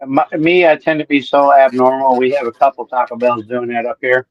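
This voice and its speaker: A man's voice: medium pitch, flat delivery, a little fast. A man from the northern United States on a casual podcast, teasing the others. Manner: teasing, needling. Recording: dry, dull lo-fi sound.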